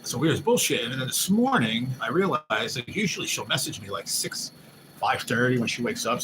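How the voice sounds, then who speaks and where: Excitable male livestream host, noisy room. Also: medium pitch, fairly quick. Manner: loose, excitable, swears casually, quotes others in lifted voices. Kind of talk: casual live-stream chat. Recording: noisy background hum.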